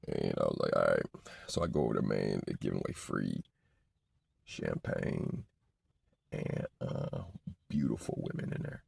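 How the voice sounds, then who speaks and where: A man's voice: very deep voice, lively intonation, moderate pace, creaky, pauses often, mellow, breathy edge, dry recording. A man, telling rambling, slangy stories in a casual vlog. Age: 40s. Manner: rambling, slangy, repeats "you know what I'm saying". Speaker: vlogger. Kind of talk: casual storytelling.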